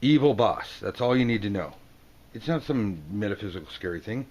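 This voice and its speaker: A man giving a casual tarot video lesson, joking and acting out the people on the cards in quick silly voices. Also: lowish voice, animated, darkish tone. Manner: playful, jokey, acts out card characters in quick silly voices. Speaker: tarot teacher.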